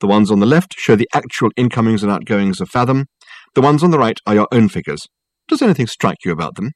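A man's voice: lowish voice, expressive, no room sound, studio quality. Man voicing a sweetly ruthless society mother. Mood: sweetly brisk. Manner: briskly sweet, coolly in control. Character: brisk, sweetly ruthless older aristocratic mother.

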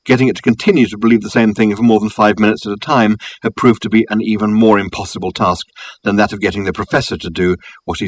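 A man reading a novel aloud in a wry, measured storytelling voice, lightly voicing the characters. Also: lowish voice, breathy edge, no room sound, low-quality recording. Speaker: audiobook narrator. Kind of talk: scripted narration.

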